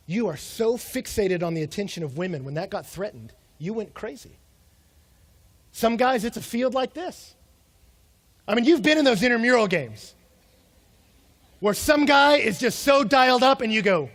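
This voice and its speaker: A young adult man with a fairly high voice preaches a sermon. He keeps it conversational, firing off rhetorical questions and slipping into quick acted-out quotes of the people in his stories. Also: lively intonation. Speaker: pastor.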